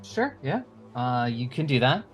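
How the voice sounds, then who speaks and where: A man running a tabletop game as game master, calling out rolls and narrating the enemies' moves in a relaxed way. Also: medium pitch, measured pace, soft background music.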